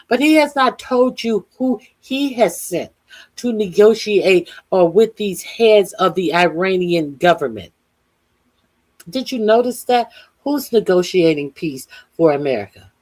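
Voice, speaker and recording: A woman hosting casual political commentary, heated and profane, asking the audience rhetorical questions and pausing often on "uh". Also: medium pitch, darkish tone. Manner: heated, profane, with frequent "uh" fillers.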